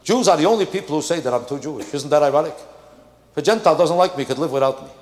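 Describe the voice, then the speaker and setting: Fast-talking older New comedian. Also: male voice, on the high side. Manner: animated, rapid, acts out exasperated characters mid-bit. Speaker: stand-up comedian. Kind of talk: stand-up comedy routine. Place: theater stage with a live audience. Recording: echoey live theater with audience noise. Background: audience laughter.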